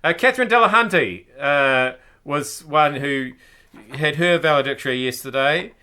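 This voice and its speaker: Kiwi guy doing jokey news commentary, kinda high and bright, sarcastic, jumps up into squeaky bits. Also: lively intonation, normal speed. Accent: New Zealand. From New Zealand. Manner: sarcastic, playful, with sudden high outbursts. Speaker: host.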